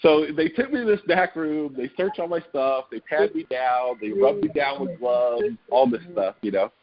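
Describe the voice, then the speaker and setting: A man's voice: mid-range voice, normal speed, dull audio, crowd noise. A man speaking as a guest on a team call, telling a story and acting out the people in it. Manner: animated storyteller who acts out quoted people. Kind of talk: storytelling training talk.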